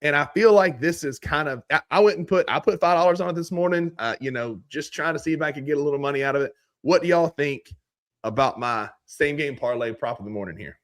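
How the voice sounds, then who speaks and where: A man's voice: fairly high pitch, fast talker. A man with a Mississippi accent hosting a casual sports podcast, talking in a laid-back, folksy way as he walks through betting picks. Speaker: podcast host.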